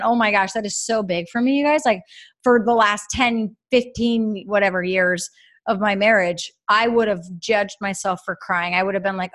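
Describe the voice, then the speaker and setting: A woman in her thirties co-hosting a podcast in a casual, open way. She tells a personal story with energy and slips into the voices of the people she quotes. Her voice sits at a medium pitch. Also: moderate pace. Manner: animated storyteller, acts out quotes. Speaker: podcast co-host.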